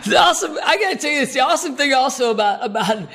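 High, gravelly man. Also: lively intonation, racing, pushed and bright. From Arkansas. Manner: rambling, self-mocking, laughs often. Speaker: recovery meeting speaker. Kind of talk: personal testimony talk.

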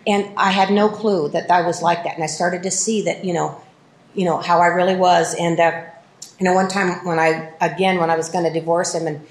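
A woman's voice: lowish voice, steady tone, brisk, reverberant, slight background noise, low-quality recording. A woman giving a candid personal testimony at a recovery meeting, often laughing at herself as she tells it.

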